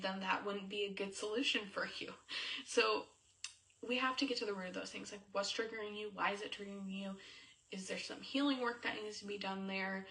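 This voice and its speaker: Her medium-pitched voice is bright and forceful as this young coach chats casually to camera about faith and marriage, leaning on many fillers. The mic catches her from a bit of a distance.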